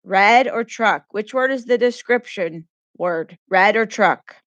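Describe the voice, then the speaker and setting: A woman's voice: mid-range voice, takes it slowly, a bit bright, dry recording, muffled recording. A woman teacher giving a grammar lesson to children, patiently repeating questions and praising answers.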